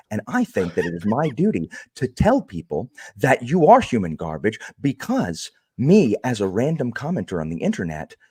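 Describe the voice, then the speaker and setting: A man's voice: lowish voice, a little mellow, breathy edge, no echo, clean studio sound, voice pushed down, full character voice. A man putting on the voice of a smug, self-important male internet commenter, pompous and sneering.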